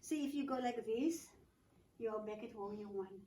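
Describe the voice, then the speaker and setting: A woman's voice: a little high, moderate pace, warm tone, slight background noise. A woman co-teaching a children's yoga class, explaining each pose step by step in a patient, matter-of-fact way. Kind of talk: demonstrating poses step by step. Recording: echoey room, mic at a distance.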